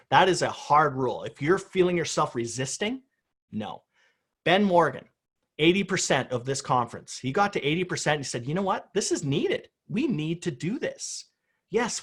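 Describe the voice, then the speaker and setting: A man's voice: fairly high pitch, a bit bright, slightly rough. A middle-aged man giving an emphatic motivational conference talk over a video call, driving home key phrases by repeating them. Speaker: conference speaker on crisis response.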